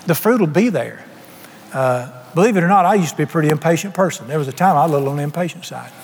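A man's voice: a little high, expressive, very fast, creaky, slight background noise. A man preaching a sermon in a church, folksy and humorous, with plain colloquial speech. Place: church sanctuary. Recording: long hall reverb, faint music.

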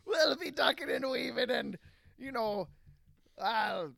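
A man's voice: very high voice, expressive, slow pace, gravelly, sharp tone, no room sound, heavily acted. A man playing a bumbling Canadian race car driver who stumbles over his words in an improvised comedy interview. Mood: rambling.

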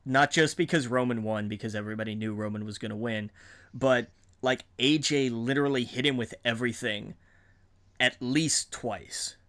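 A man co-hosting a casual podcast, telling stories excitedly with frequent restarts and laughter. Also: mid-range voice, moderate pace. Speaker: podcast co-host. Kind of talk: casual chat.

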